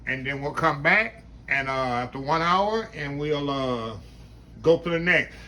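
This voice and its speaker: A man with a Southern country accent, talking viewers through a recipe in a home kitchen in an easy, folksy way. His voice sits a little high and has a sharp, forceful edge. Faint noise hums beneath him. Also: measured pace. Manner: folksy, chatty, keeps addressing viewers as y'all. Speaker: home cooking vlogger. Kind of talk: casual cooking demonstration.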